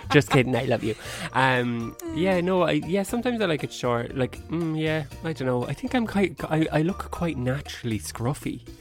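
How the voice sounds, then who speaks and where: A man's voice: on the high side, very animated, unhurried, faint music behind. A man co-hosting a casual chat, joking and rambling with plenty of swearing. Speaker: podcast co-host.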